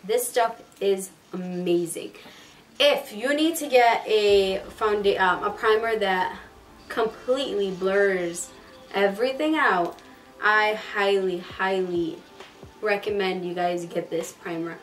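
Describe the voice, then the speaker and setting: A woman chatting quickly and casually through a makeup tutorial, filling her talk with "like". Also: medium pitch. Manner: fast-talking, chatty, lots of "like". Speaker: beauty vlogger. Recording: distant mic, faint background music.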